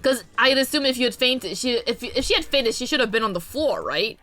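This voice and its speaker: A woman streaming a video game, chatting casually and excitably, often swearing and laughing at what happens on screen. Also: a little high, brisk, over music. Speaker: let's play streamer. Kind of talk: casual gameplay commentary.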